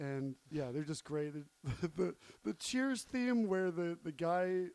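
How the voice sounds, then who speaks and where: A man's voice: fairly high pitch, slow pace, darkish tone, dry recording. A young man with a slightly raised voice co-hosts a podcast, tossing out wry jokes and laughing often. The sound is dry and close, with no room around it. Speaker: podcast co-host. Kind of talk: casual chat.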